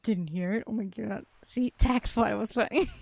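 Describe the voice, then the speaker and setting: Slow-talking woman streamer, rambling and joking. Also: on the high side, sing-song, vocal fry, darkish tone, no room sound. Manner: rambling, joking, quick to laugh. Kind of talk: casual gaming livestream chat. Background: background music.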